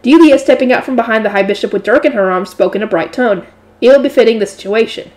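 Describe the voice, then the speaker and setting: Lady reading a light novel out loud, kinda high voice, steady. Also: fast. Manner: plain steady reading with asides. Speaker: audiobook reader.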